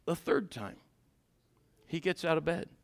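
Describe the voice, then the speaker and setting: A man preaching a sermon in a church and telling a personal story in an animated way, laughing along with the congregation. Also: a little high, unhurried, creaky. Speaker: pastor. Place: church sanctuary.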